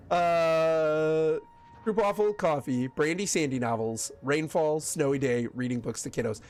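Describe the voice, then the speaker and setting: This streamer's voice sits fairly high, and he keeps a measured pace. Hailing from West Michigan and carrying a Michigan accent, he rambles casually to his viewers while gaming, frequently restarting what he says.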